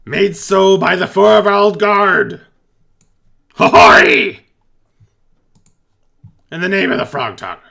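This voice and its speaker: A man's voice: high voice, animated, slow pace, creaky, pauses often, sharp tone, voice pushed up, heavily acted. A man voicing a pompous, self-important male goblin guard captain who bellows proclamations. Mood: proud.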